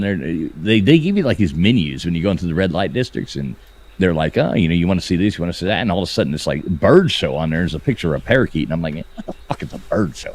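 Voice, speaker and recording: A man hosting a podcast in casual chat, rambling and profane, often stumbling over his words. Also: low voice. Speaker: podcast host.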